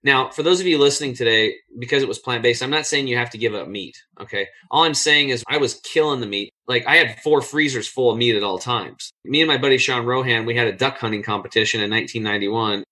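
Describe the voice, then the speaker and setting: A man with a bright, forceful tone, a podcast guest spinning a lively personal story. He talks casually and bluntly, swears now and then, and jumps up in pitch to act out what other people said. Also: fast talker, hardly any pauses. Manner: acts out others' lines in a raised voice. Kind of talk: animated storytelling in a conversation.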